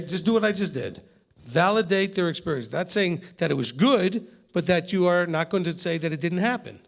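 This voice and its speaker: Man, rabbi teaching, high voice, gravelly texture, casual back-and-forth with listeners. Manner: talks straight to the room, rhetorical questions, teasing asides. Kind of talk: conversational Bible teaching.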